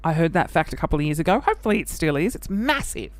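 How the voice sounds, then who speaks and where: A man's voice: on the high side, no echo. A man with an Australian accent, chatting animatedly and camply, hosting his own show. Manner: chatty and animated, camp, laughing, with quick bursts of mock voices. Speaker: podcast host. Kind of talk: casual chat.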